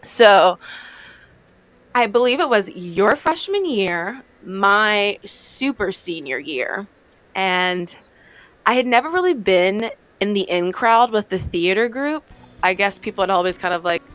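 A woman's voice: medium pitch, unhurried, faint music behind. A young woman from South Carolina in casual chat, telling a story with acted-out quotes and frequent laughter. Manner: animated storyteller, acts out quotes, laughs often.

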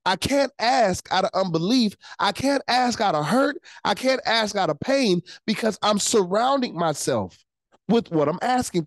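A pastor preaching a livestreamed sermon, animated and repeating phrases for emphasis while calling out to the online chat. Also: medium pitch, dry recording, poor audio.

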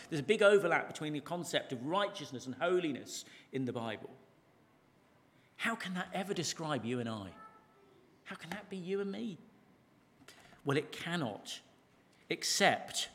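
A man delivering a sermon with a lively, swooping delivery, his voice sitting a bit high for a man. He leans on key words, drawing them out slowly, and poses questions to the congregation. The sound carries a long reverb from the church around him, and his voice moves closer to and farther from the pulpit mic. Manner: animated, drawn-out emphasis, rhetorical questions. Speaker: pastor. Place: church service, large room.

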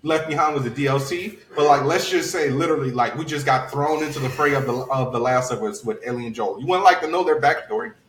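A young man argues his side in casual podcast banter and sounds exasperated with his co-host. He sits a little back from the mic in an echoey room, and his voice has a middling pitch. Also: fast, hardly any pauses, fairly bright tone, distant mic, a little hiss or hum. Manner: argumentative, exasperated.

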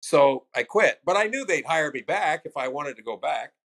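An older man, a stand-up comic, spins casual stories from the road. His voice sits a little high for a man. He drops in profanity and punches up the voices of people he quotes. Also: normal speed, creaky. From United States. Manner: loose, profane anecdotes with animated quoted voices. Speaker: stand-up comedian, guest. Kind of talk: casual storytelling interview.

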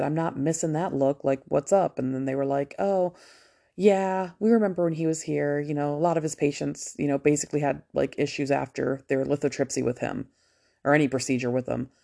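A woman's voice: rumbling low, gravelly, dark tone. Candid, foul-mouthed woman nurse telling a story. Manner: candid, profane, chatty. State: just out of anesthesia after a procedure. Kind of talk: casual storytelling to camera.

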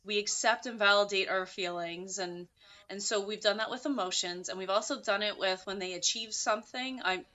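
A woman's voice: medium pitch, moderate pace, sharp tone. A woman talking as a podcast guest in a casual interview, earnest and thinking aloud with many fillers. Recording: muffled lo-fi audio.

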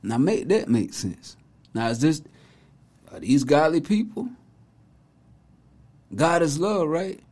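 A man with a somewhat high voice hosts a casual commentary video. His delivery is emphatic and preachy, but it stays conversational. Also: lively intonation, slow, pauses often, a little mellow. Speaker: host, commentator.

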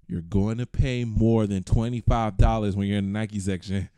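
A man's voice: on the low side, moderate pace, clear, resonant tone, no echo. A young man from Georgia, co-hosting a podcast in casual, laughing chat. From Georgia, USA. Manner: animated, laughing, talks over his co-host. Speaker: podcast co-host.

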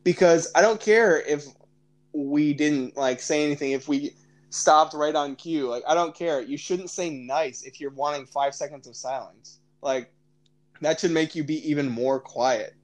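A man's voice: on the high side, a little slow, poor audio. Teasing young man on a podcast. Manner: teasing, laughs a lot. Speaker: podcast co-host. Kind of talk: casual podcast banter.

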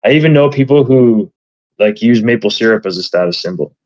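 A man's voice: on the low side, lively intonation, a little fast, a little mellow, no room sound, lo-fi sound. A man chatting casually as a podcast guest, rambling with many fillers and swear words. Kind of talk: casual chat.

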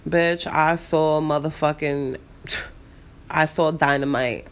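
A young woman with a New York City accent, rambling through a story in a casual, animated way and swearing freely. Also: low-pitched, slow. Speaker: vlogger.

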